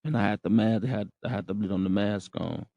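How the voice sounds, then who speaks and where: A low-pitched man with a gravelly, creaky voice tells a story on his podcast. His talk is slangy and profane, and he keeps checking in with his listeners. The sound is dry and close. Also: steady tone, quick pace, dry recording, muffled recording. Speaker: podcast host. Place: room in a rehab center.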